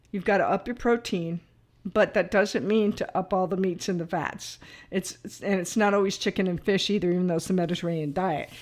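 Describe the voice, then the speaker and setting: Brief: middle-aged woman, nutrition coach, chatty and animated, talks straight to her viewers with a mid-range voice. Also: mid-range voice. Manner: chatty, animated, laughs at herself, frequent "all right?" asides. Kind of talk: casual to-camera talk.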